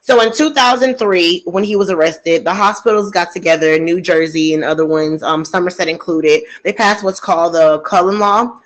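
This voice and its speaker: A woman's voice: lowish voice, moderate pace, hardly any pauses, rough recording. A woman telling a true crime story casually into a desk microphone, getting emotional and outraged and talking straight to her listeners.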